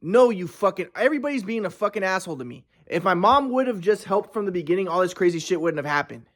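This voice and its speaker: A man's voice: high-pitched, sing-song, quick pace. Agitated, rambling man telling his story. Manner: agitated, profane, repeats and restarts.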